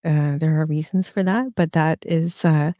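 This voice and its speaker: A woman's voice: low voice, steady tone, normal speed, dark tone, dry recording, studio quality. A woman in her fifties hosting a casual livestream, telling stories with lots of fillers and restarts. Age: 50s. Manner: rambling storyteller, many fillers and restarts. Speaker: host.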